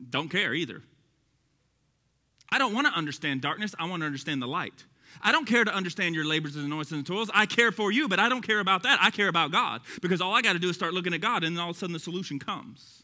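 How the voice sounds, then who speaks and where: High-voiced Texan pastor preaching. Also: male voice, expressive, quick pace, bright, forceful tone, long reverb tail. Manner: passionate, conversational preaching with rising emphasis. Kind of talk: sermon.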